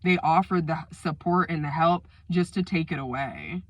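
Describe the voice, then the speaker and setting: A woman telling a personal story time to her viewers, emotional and animated, acting out the quoted lines. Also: deep voice, moderate pace, no room sound. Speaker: storyteller vlogger.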